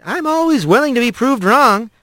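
A man's voice: extremely high pitch, animated, normal speed, bright, forceful tone, dry recording, studio quality, voice pushed up, heavily acted. A man voicing a male rat investigator who talks in a breezy, quippy, easygoing way. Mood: wry.

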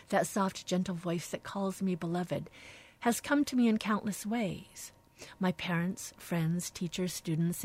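A woman radio host reading aloud from a devotional book in a slow, reflective, soft-spoken way, dropping now and then into hushed phrases. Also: fairly low pitch, breathy edge.

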